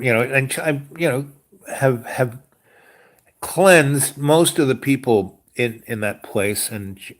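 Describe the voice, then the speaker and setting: Rambling low-voiced man telling stories. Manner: meandering, full of "you know" and restarts. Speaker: livestream host. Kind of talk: rambling casual storytelling.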